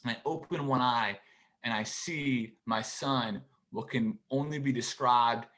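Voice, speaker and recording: A man in his forties performs stand-up from his home for an online show. He talks in a mid-range voice and delivers his lines in a halting, deadpan way, full of pauses and restarts. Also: mid-range voice. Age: 40s. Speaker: stand-up comedian. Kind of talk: stand-up routine.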